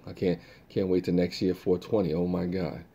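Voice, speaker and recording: A man's voice: deep voice, level tone, moderate pace, mellow, slightly rough, highs cut off. A man hosting a live stream, chatting casually and reacting to viewer comments in a laid-back way.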